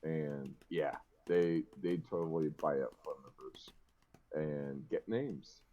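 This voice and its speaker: A man's voice: rumbling low, fairly even intonation, slow pace, warm tone, highs cut off. A man chatting casually and swearing freely about past jobs on a podcast. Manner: laid-back and profane. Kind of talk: casual chat.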